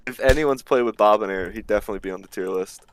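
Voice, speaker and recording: A man's voice: fairly low pitch, rapid-fire, background noise. A man chatting casually in a gaming podcast, telling stories loosely and profanely with laughs.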